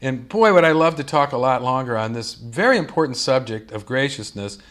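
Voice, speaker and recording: Male radio host, upbeat and chatty, average pitch, sign-off patter. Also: lively intonation, a little fast, a bit bright. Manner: upbeat, reads book lines with mock outrage.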